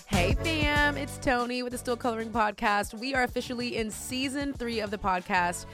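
A woman with a Texan accent hosting a faith podcast, talking in a loud, energetic and emotional way. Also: fairly high pitch, moderate pace, over music. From Texas. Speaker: podcast host. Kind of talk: casual podcast chat.

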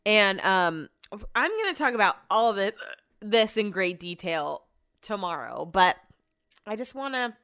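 A woman's voice: mid-range voice, lively intonation, a little slow, a bit bright, smooth, no room sound, studio quality. A woman chatting casually at home as a vlog host, sarcastic and swearing freely. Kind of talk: casual chat.

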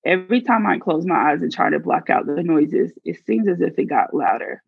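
Gravelly woman reading her own story. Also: fairly low pitch, animated, a little fast, no room sound, phone-quality sound. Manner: earnest, confessional. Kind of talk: first-person story reading.

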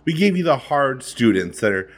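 A man's voice: mid-range voice, very animated, moderate pace. A man improvising a flustered school superintendent who keeps placating and repeating himself. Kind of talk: improv comedy scene.

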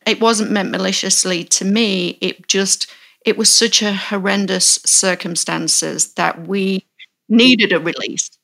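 A woman in her forties hosting a podcast, telling a story in a candid, halting way and often restarting her sentences. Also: mid-range voice, steady tone, vocal fry, fairly bright tone. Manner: candid, halting, self-correcting. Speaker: podcast host. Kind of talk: storytelling in casual chat.

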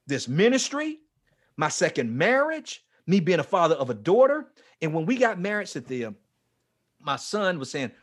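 A man in his forties, a ministry leader, telling his life story with strong emotion, dropping to a hush and then rising almost to a shout. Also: fairly high pitch, sing-song, a little slow, breathy edge. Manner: passionate, swings from hushed to near-shouting. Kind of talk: emotional testimony in an interview.

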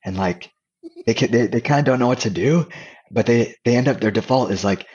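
A man talking candidly and casually as a podcast guest, relaxed and full of restarts. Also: mid-range voice, fairly quick, husky, highs cut off. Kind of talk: casual conversational storytelling.

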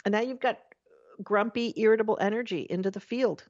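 A woman giving a spiritual talk, acting out everyday inner voices and slowing down to stress key words. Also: medium pitch, a little mellow. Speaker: spiritual teacher. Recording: dull lo-fi recording.

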